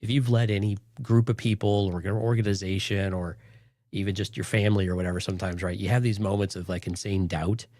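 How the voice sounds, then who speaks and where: Fast-talking deep-voiced male co-host. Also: steady tone, dark tone, dry recording. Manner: rambling, enthusiastic, many "like"s. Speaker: podcast co-host. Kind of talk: casual podcast chat.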